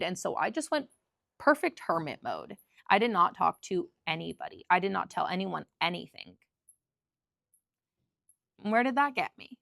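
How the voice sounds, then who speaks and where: A young adult woman giving an intimate, heartfelt spiritual monologue, soft and earnest with emotional pauses. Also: fairly low pitch, gravelly, no room sound, clean studio sound. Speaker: spiritual channel host.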